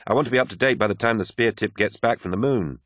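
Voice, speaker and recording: A man voicing a cheerful, direct woman who teases gently. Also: fairly low pitch, fast talker, no room sound, clean studio sound, pitched above the performer's own voice. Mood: teasing.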